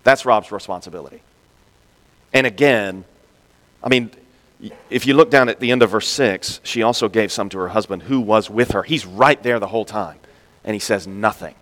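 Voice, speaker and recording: A man preaching a sermon, animated, acting out quoted speakers with sudden jumps in pitch and loudness. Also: moderate pace. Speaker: pastor. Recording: long reverb in a large hall.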